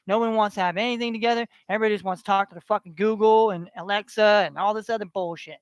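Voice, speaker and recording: A man's voice: sits high, fairly even intonation, quick pace, clean tone, no room sound. A man delivering a heated, profane rant to his online audience, repeating himself as he builds his tirade. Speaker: online ranter.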